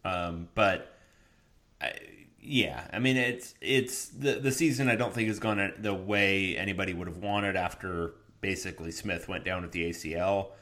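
Male co-host, lowish voice, laid-back, filler-heavy sports chat. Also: normal speed. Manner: relaxed, many ums, dry humor.

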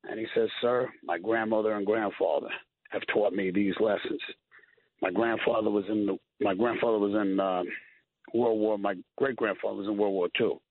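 A man's voice: fairly low pitch, no echo. Earnest New man on a phone line. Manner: earnest, gets choked up, repeats himself. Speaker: firefighter guest. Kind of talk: emotional call-in storytelling.

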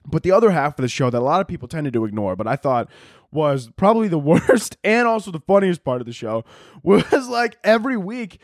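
A young man rants on his podcast in a casual, comedic monologue. His voice sits a little high, and he breaks into laughter and swears as he mocks people in quoted voices. The sound is dry and close. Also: big pitch swings, fairly quick, no echo. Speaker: podcast host.

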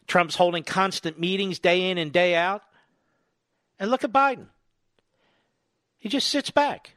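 A male talk radio host delivering a combative, sarcastic political monologue full of rapid-fire rhetorical questions. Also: high voice, expressive, fairly bright tone, no room sound, studio quality.

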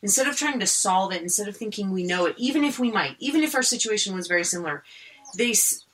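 A woman's voice: medium pitch, lively intonation, quick pace, a bit bright. A woman co-hosting a casual chat, thoughtful and earnest as she lays out her ideas.

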